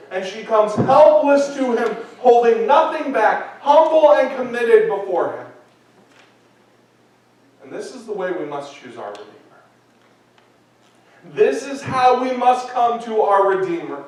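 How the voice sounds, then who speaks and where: A man's voice: extremely high pitch, a little mellow. A man preaching a sermon in earnest, repeating his key lines and acting out quotes. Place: church sanctuary. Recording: echoey church hall from a distance.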